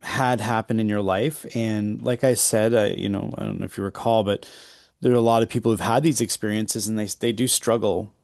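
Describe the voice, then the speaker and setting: A man's voice: on the low side, fairly even intonation, brisk, gravelly, darkish tone, no room sound, studio quality. A man hosting an interview, speaking appreciatively to his guest. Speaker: interview host.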